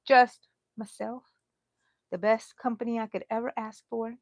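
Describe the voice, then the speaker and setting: A woman's voice: a little high, flat delivery, measured pace, dry recording. A middle-aged woman hosting a crochet livestream, chatting in a rambling way and talking to herself as she works. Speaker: crochet channel host. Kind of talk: casual chat during a livestream.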